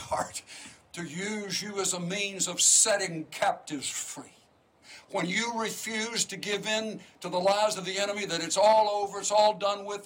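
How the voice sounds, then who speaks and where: A man's voice: sits high, slight background noise, rough recording. A man preaching a sermon to his congregation, fervent and emphatic, with repeated phrases and frequent restarts.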